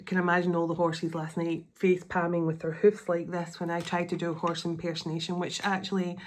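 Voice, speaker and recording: A woman hosts her psychic channel in a casual, rambling way. She sits a little low in her range and keeps gushing with gratitude. Her talk is full of fillers and restarts. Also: flat delivery, fairly quick. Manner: warm-hearted, rambling, effusive with gratitude, many fillers and restarts. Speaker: psychic medium and channel host. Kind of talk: casual spiritual video chat.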